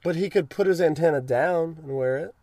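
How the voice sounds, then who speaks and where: A young man in casual chat, excitedly retelling cartoon scenes and acting out lines in goofy voices. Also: fairly high pitch, fairly quick, dry recording. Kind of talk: casual episode recap chat.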